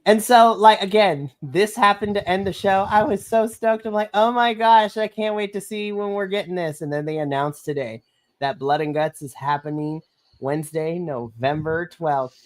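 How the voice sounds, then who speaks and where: A woman, co-hosting a wrestling podcast in an excited chat, gushing and bursting into shrieks and laughter. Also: on the low side, normal speed, no echo. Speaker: podcast co-host. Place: home setup on a live stream call.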